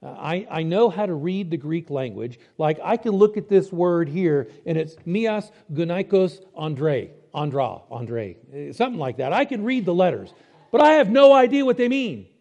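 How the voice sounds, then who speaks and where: Lively, high-voiced male preacher. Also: moderate pace, hardly any pauses. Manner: conversational, explains step by step with rhetorical questions. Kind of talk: sermon.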